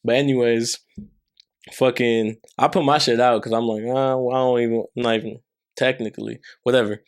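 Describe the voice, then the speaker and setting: A man's voice: mid-range voice, flat delivery, moderate pace. A laid-back man co-hosts a casual podcast chat. He laughs often and curses freely as he adds to a shared story. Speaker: podcast co-host.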